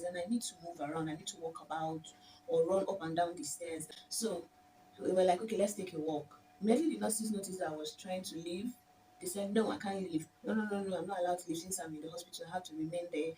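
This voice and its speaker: A young woman with a Nigerian accent recounts her story in an emotional, animated way, with a mellow, dark tone. She sits some distance from the microphone, with a faint hiss of background noise behind her. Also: fairly low pitch. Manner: emotional, animated, addresses viewers as "my dears". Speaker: vlogger. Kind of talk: personal storytelling.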